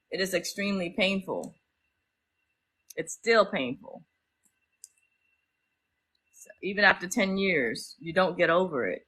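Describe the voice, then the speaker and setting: A woman's voice: fairly low pitch, sharp tone, breathy edge, low-quality recording. A middle-aged woman, hosting a casual livestream and talking emotionally to her viewers. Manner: emotional, talks straight to viewers as y'all. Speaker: livestream host.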